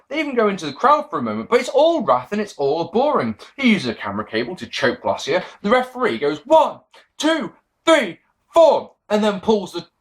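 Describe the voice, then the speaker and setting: A man talks through a wrestling event in a loose, sarcastic review. His slightly high voice swings wildly up and down as he mocks the matches and swears freely. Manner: sarcastic, profane, mock-quoting people. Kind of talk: casual review monologue.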